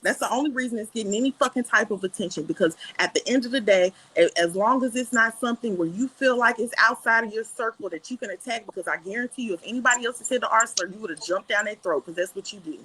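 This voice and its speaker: A woman's voice: on the high side, quick pace, hardly any pauses, sharp tone, breathy edge, rough recording. A woman in a heated argument on a live stream, confrontational and interrupting, repeating her points to press them. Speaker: TikTok live debater.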